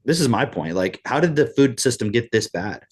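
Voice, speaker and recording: A man's voice: medium pitch, sing-song, moderate pace, slightly rough. A man co-hosting a podcast in casual chat, talking in an emphatic, profane rant. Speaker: podcast co-host.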